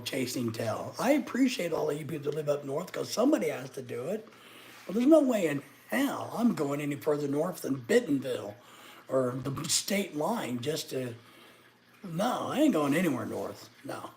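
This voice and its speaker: A man's voice: on the high side, big pitch swings, normal speed, a little mellow. Teasing man chatting on a livestream. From Arkansas. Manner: teasing, sarcastic banter with viewers. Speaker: livestreamer answering chat. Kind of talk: casual livestream chat.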